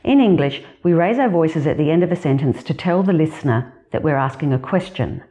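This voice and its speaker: A woman with an Australian accent, a career specialist giving measured, deliberate advice in a scripted talk to camera. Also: low voice, expressive, mellow.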